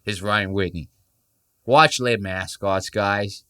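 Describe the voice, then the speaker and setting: A man's voice: on the low side, slow, bright, forceful tone, smooth, dry recording, studio quality. A young man hosting a podcast, reacting to clips in a crude, mocking, joking way and swearing freely. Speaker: podcast host. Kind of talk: casual reaction commentary.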